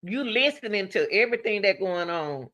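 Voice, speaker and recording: At a normal speed, a woman chats through a true-crime story in a relaxed way, speaking right to her viewers. Rhetorical questions pepper her delivery, which shifts lively between high exclamations and hushed asides.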